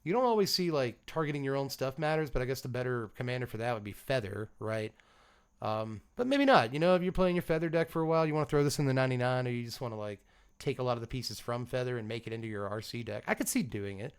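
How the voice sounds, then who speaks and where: A man's voice: mid-range voice, lively intonation, fast talker, clean tone. Male channel host, chatty rambling reviewer, laughs a lot, mid-range voice. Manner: rambling, laughs often, lots of fillers. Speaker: host of a card game channel. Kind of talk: casual card review.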